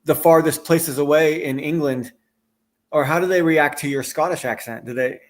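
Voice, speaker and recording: A man's voice: on the high side, normal speed. A man hosting a live-stream chat, asking questions with hesitant restarts. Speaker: stream host.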